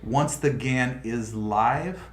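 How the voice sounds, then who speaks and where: A man hosting a livestream who talks at a middle pitch and rambles, often breaking off and restarting his sentences. His voice carries a roomy echo from the room, with a faint hiss underneath. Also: very slow. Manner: rambling, thinking aloud with frequent restarts. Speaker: livestream host. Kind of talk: casual livestream chat.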